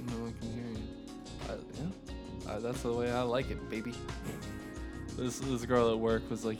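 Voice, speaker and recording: A man's voice: mid-range voice, little pitch movement, moderate pace, pauses often, over music. A man co-hosting a podcast in loose casual chat, joking and swearing freely. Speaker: podcast co-host.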